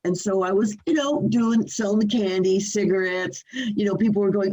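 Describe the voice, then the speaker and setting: An older woman, a singer and interview guest, telling animated stories from her home over a video call, laughing often and restarting her sentences. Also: mid-range voice, moderate pace, muffled recording. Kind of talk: storytelling in a remote interview.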